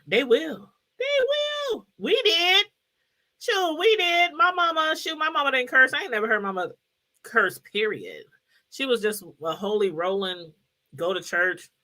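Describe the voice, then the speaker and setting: A middle-aged woman talking straight to her viewers in a loose commentary chat, with a lilt. Her voice sits high and sounds bright and forward. She rambles in a lively way, laughs easily and calls out to viewers by name. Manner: animated, chatty, laughs often and greets viewers by name. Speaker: YouTube commentary host.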